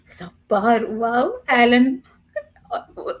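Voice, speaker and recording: A woman's voice: on the high side, unhurried. A woman in casual chat on a video call, teasing and laughing.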